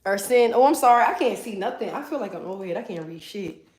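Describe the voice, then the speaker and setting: Working on a color removal live from her salon suite, this East Coast stylist jokes with her chat, teases viewers and curses without restraint. She speaks briskly and expressively in a mid-range voice, with an echoey room around her.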